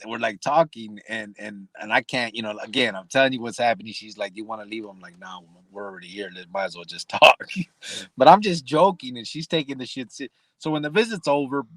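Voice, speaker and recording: A man's voice: mid-range voice, fairly bright tone, no echo. A man hosting a podcast, telling a story from prison in a casual, profane, joking way and laughing often. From Arizona. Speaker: podcast host.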